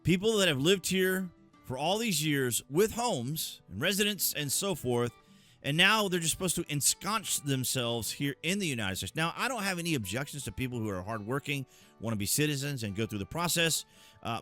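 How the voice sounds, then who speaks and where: Man hosting political commentary, lively swooping pitch, crisp bright tone, emphatic, lots of filler pauses, faint music underneath.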